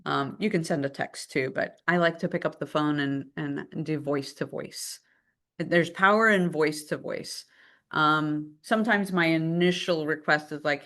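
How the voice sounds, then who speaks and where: Lively woman teaching a class. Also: low-pitched, unhurried. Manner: lively, conversational, acts out phone calls. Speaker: real estate trainer. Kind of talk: live training class.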